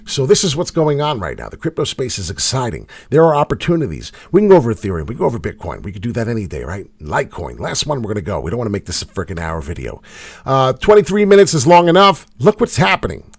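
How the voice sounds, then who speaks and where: A man hosting a casual livestream, commenting on charts in a blunt, swearing way, with loud bursts of hype and low mutters. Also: sing-song, fairly quick, dry recording. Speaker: crypto chart host.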